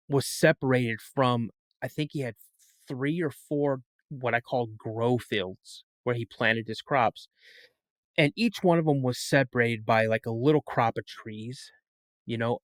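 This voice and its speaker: A middle-aged man, appearing as a podcast guest, tells a story in interview fashion, rambling and frequently repeating or restarting his words. His voice sits at a medium pitch, with no room sound in the recording.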